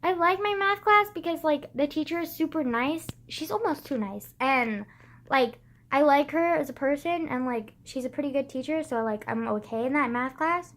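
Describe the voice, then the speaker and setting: A woman's voice: high-pitched, normal speed, fairly bright tone. A teenage girl vlogging in casual chat, filling her talk with "like", sighing often and swearing bluntly. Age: teens. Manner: heavy use of "like" as filler, frequent sighs, blunt swearing.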